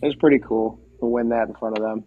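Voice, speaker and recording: Man telling lively bowling-alley stories. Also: mid-range voice, quick pace, phone-quality sound, slight background noise. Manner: animated, acts out quoted dialogue. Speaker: podcast guest. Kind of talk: casual storytelling.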